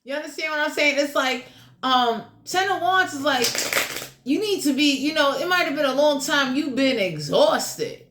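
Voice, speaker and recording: A woman's voice: sits high, expressive, moderate pace, a bit bright, reverberant, a little hiss or hum. A woman giving a casual general tarot reading in a blunt, crude, joking way, swearing freely. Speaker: tarot reader.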